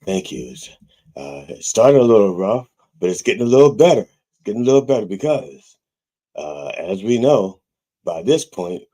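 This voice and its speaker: A man's voice: lowish voice, big pitch swings, normal speed, dark tone. A man hosting as a comic reverend, delivering a parody sermon in a rambling, profane preaching manner.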